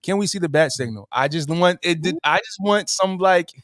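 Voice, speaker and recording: Man, podcast co-host, slangy, higher pitch, dry sound. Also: normal speed, fairly bright tone, dry recording. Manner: slangy, easygoing. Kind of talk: casual chat.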